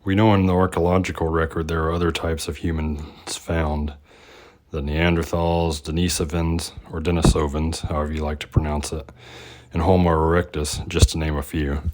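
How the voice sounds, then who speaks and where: Man, very deep voice, scripted voice-over, measured, speculative, even-toned. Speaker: history channel narrator.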